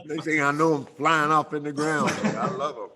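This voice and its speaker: An older man telling folksy stories as an interview guest, slow and chuckling. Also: fairly high pitch, steady tone, a crowd in the background. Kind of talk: casual storytelling interview.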